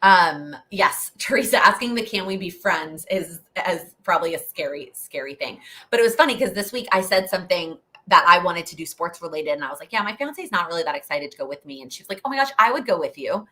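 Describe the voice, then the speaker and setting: A woman's voice: lowish voice, expressive, quick pace, pushed and bright. A young woman hosting a live Q&A stream, chatty and rambling, laughing often as she answers questions. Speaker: host.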